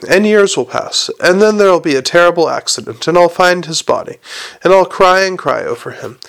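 A man's voice: high voice, animated, brisk, vocal fry, fairly bright tone, exaggerated voice. A man doing a cruel teenage bully. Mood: menacing. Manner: mocking, menacing.

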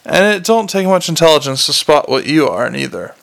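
A man voicing a scruffy, cynical talking mongrel dog with a bored, streetwise grumble and a gravelly voice. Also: fairly high pitch, sing-song, a little fast, fairly bright tone, full character voice. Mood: grumbling.

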